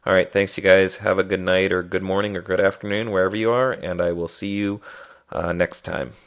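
A man's voice: sits low, flat delivery, a little fast, faint music behind. A man hosting a solo podcast, talking loosely with many ums, his voice nasal and congested from a lingering cold. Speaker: podcast host.

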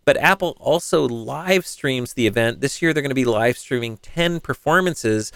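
A man with a smooth, resonant voice talks through tech news on his own podcast. He keeps it conversational, with fillers and the odd self-correction. The sound is close and dry, with almost no room around it. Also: medium pitch, lively intonation, normal speed, fairly bright tone, no echo. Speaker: podcast host.

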